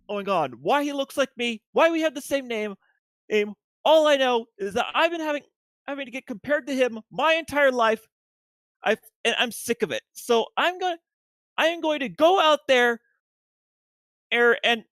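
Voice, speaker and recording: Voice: mid-range voice, fairly bright tone, dry recording. A player voicing a proud, resentful young man in a tabletop role-play game, stumbling and restarting words.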